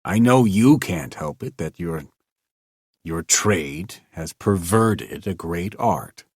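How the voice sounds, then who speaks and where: A man's voice: low-pitched, animated, takes it slowly, breathy edge, no echo, studio quality, heavily acted. A man doing a gloomy old ham actor. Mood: weary. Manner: quiet, weary and sour.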